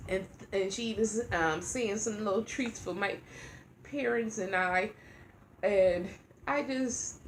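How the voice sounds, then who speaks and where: A woman's voice: mid-range voice, slight background noise. A middle-aged woman vlogging in a rambling, heartfelt way about faith and everyday life. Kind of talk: casual chat.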